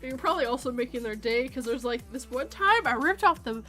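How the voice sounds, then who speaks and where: A woman's voice: high-pitched, lively intonation, fairly quick, a bit bright. A woman hosting a podcast in casual chat, giggly and teasing, with faint music underneath. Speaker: podcast host.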